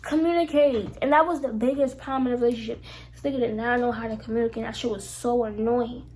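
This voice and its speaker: Animated young woman telling a storytime. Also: fairly high pitch, fast. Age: young adult. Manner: animated, swears freely, acts out quoted lines. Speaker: vlogger. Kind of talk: casual storytime. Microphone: phone camera.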